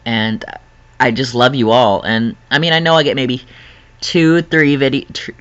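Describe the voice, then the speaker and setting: A young man talks straight to his viewers in an earnest, rambling personal vlog, breaking into laughs now and then. His voice is bright and sharp. The recording sounds dull and lo-fi. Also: medium pitch, fairly even intonation, measured pace. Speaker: vlogger.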